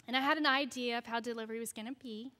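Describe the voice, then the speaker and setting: Woman speaker in a church, high bright voice, lots of hall echo, acts out the people in her story. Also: rapid-fire. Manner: animated storytelling, acting out quoted voices. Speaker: guest speaker. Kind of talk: personal testimony in a church. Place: church sanctuary. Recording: long church hall reverb.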